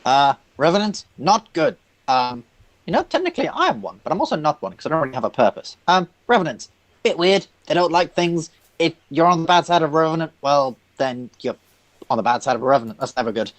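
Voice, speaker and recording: A man's voice: a little high, very animated, a little fast, pitched above the performer's own voice. A man voicing an offhand, rambling male revenant in a tabletop game. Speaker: non-player character.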